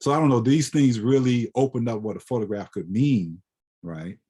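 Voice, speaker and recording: In a lecture hall, a guest photographer gives a reflective, conversational talk in a medium-pitched, warm, husky voice at a moderate pace. He often caps his points with "right?"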